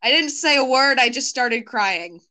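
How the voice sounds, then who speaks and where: A woman's voice: high-pitched, animated, a little slow, pushed and bright. A teenage girl hosting a casual chat with friends, earnestly recounting personal memories. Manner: earnest, reflective storytelling with frequent laughs. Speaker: podcast host.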